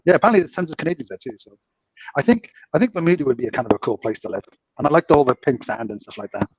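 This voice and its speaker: A man's voice: medium pitch, animated, very fast, slightly rough, dry recording. A man co-hosting a casual podcast, rambling through stories with lots of fillers and frequent laughter. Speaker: podcast co-host, former cruise ship casino dealer. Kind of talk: casual chat, storytelling. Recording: dull lo-fi audio.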